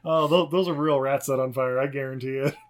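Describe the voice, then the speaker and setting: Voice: mid-range voice, steady tone, brisk. A podcast co-host recapping a movie in casual chat, rambling and profane, often laughing and acting out characters.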